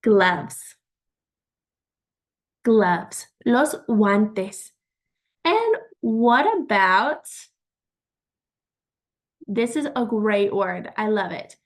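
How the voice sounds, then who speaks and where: Slow, patient woman teaching vocabulary. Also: medium pitch, big pitch swings. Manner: patient, encouraging, repeats words slowly. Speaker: Spanish teacher. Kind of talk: slow vocabulary lesson with pauses.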